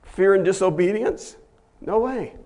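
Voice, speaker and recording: A male pastor delivering a sermon in a fairly high voice. He preaches emphatically, climbing to loud, forceful peaks before falling back to quiet, low stretches. He acts out the voices of the figures he quotes. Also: a little slow.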